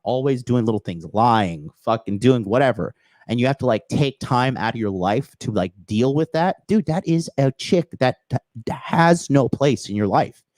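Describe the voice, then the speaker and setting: A man's voice: mid-range voice, darkish tone, dry recording. Blunt, profane man lecturing. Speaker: dating coach host. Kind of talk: call-in show advice.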